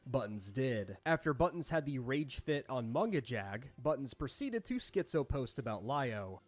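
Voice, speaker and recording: A man's voice: medium pitch, very animated, normal speed. A man narrating an online drama commentary in a sarcastic, mocking tone.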